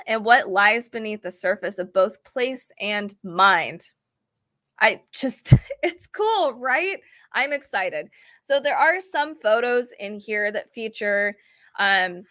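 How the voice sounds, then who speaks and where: Young woman, higher voice, bright tone, chatty product review, slightly hoarse. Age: young adult. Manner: chatty, enthusiastic, says "like" and "um" a lot. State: losing her voice. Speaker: book and candle reviewer. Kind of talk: casual show-and-tell review.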